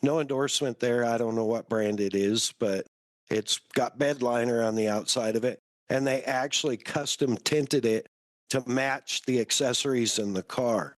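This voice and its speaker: A man hosting a podcast, chatting in a relaxed, conversational way. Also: medium pitch, normal speed, no room sound. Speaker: podcast host. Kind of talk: casual podcast chat.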